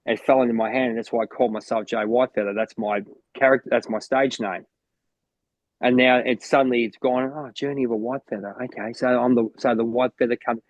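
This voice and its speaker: A man's voice: mid-range voice, little pitch movement, a little fast, no room sound, highs cut off. An Australian man co-hosting a podcast as a motivational coach, talking in an enthusiastic, rambling way with lots of restarts. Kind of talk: casual chat.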